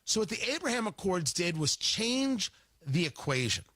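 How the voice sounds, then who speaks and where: A male radio talk show host giving political commentary, animated and sarcastic, acting out mocking voices. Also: high voice, normal speed, slightly rough, no echo.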